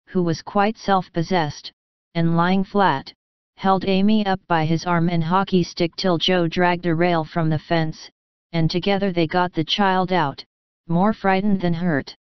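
Smooth low-voiced woman narrating a classic. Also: dry recording, dull audio. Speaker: audiobook narrator. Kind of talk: scripted storybook narration.

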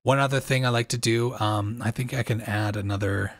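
Guy w a slightly crunchy husky voice walking thru audio settings, lots of ums, dry close mic. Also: medium pitch, fairly even intonation, fairly quick, fairly bright tone, no room sound. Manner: loose, filler-heavy explaining. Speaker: voice-acting software tutor. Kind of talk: casual screen tutorial. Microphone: dynamic microphone.

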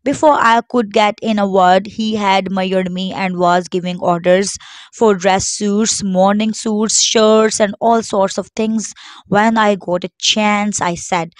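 A woman's voice: mid-range voice, no room sound. A woman teacher reading a story aloud to students, stopping to explain difficult words. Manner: steady reading, pausing to gloss words.

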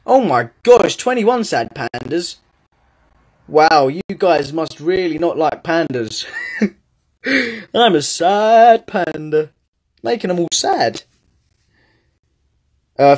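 Young British lad streaming live, unhurried, teasing, chatty with fans. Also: male voice, a little high, big pitch swings, darkish tone. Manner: playful, reads out fan gifts and comments, teasing banter. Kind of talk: casual live-stream chat.

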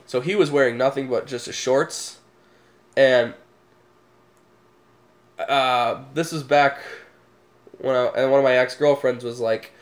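A man's voice: mid-range voice, fairly even intonation, unhurried, long pauses. Chill young guy telling stories to camera, laughs at his own jokes. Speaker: vlogger. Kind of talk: casual storytelling to camera.

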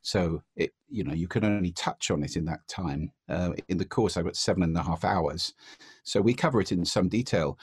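A man's voice: low-pitched, normal speed, slightly rough, no room sound, clean studio sound. A man answering interview questions about the voice, explaining and demonstrating voice techniques. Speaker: voice expert guest.

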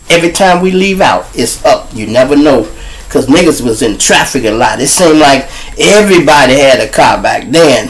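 A man hosting his own show, telling profane street stories in an animated way. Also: mid-range voice, rough recording. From Chicago. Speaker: show host. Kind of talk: storytelling monologue.

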